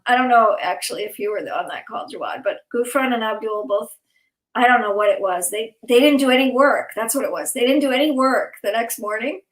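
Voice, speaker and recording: A woman's voice: fairly high pitch, roomy sound, poor audio. A woman hosting a live online event, talking in a rambling, emotional way and laughing often, worn out and overtired. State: exhausted, overtired. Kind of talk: casual heartfelt chat.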